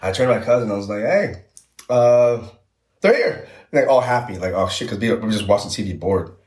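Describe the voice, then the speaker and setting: A man's voice: lowish voice, rapid-fire, darkish tone, roomy sound. A young man as a podcast guest, chatting casually and rambling with many fillers and restarts. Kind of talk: casual chat.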